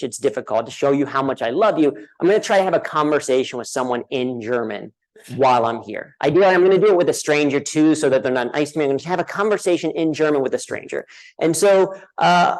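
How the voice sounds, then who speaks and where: A man's voice: medium pitch, low-quality recording. An American man giving a humorous keynote speech at a conference, telling a self-deprecating story to the audience and asking "right?" often. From United States. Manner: addresses a live audience directly. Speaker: conference speaker. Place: conference hall.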